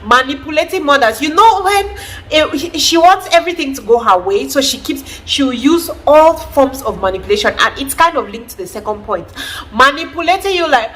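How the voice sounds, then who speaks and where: A woman, talking casually to her viewers in an animated, preachy way and often laughing. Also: high voice, normal speed. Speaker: vlogger, mother. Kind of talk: casual talk to camera.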